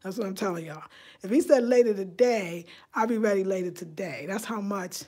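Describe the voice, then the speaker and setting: A woman chatting casually on a live stream, lively and laughing often, reading viewer comments aloud. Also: mid-range voice, brisk, breathy edge. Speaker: home design vlogger.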